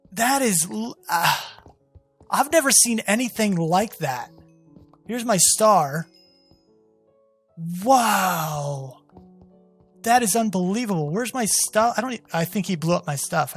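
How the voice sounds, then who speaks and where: A gaming channel host giving gameplay commentary, talking straight to viewers with excited, exasperated outbursts. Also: mid-range voice, husky. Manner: talks to viewers as "guys".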